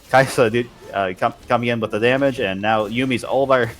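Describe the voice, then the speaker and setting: A man doing fast play-by-play esports commentary, often restarting and repeating words as the action moves. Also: mid-range voice, a bit bright, a little hiss or hum. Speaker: esports caster.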